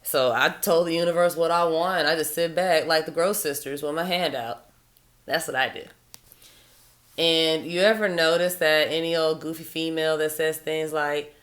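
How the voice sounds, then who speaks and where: A woman's voice: sits low, fairly even intonation, normal speed, fairly bright tone. A woman giving dating advice in a blunt, profane, sardonic monologue. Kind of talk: casual opinionated monologue.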